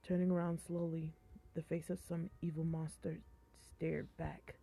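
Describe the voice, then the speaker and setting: A young woman streamer reading a horror story aloud in a flat, even tone, stumbling over words and chatting between passages. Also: deep voice, normal speed, vocal fry, slightly rough. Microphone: phone mic. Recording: tinny phone-like live-stream audio.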